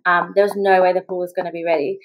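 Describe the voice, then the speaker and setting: On a rough recording, a young Australian mother speaks in a lowish, level voice as a podcast guest. Her casual storytelling is fast and chatty, with frequent "like" and quoted voices performed aloud.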